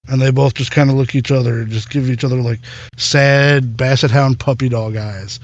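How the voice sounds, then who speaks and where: A man's voice: medium pitch, fairly even intonation, normal speed, no echo, dull audio. A man narrating as game master in a loose, rambling way.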